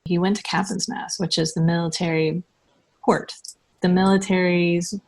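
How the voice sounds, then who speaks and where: Woman, from the US, slightly low voice, halting, restarts, interview guest. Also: little pitch movement, darkish tone. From United States. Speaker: interviewee sharing her story. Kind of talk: personal recounting.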